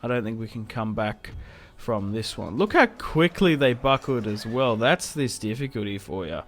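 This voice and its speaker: A young man giving casual commentary over a strategy game, chatty and quick to react loudly when things go wrong. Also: lowish voice, animated, a little hiss or hum. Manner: chatty, reacts loudly to setbacks, self-mocking laughs. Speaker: gaming YouTuber.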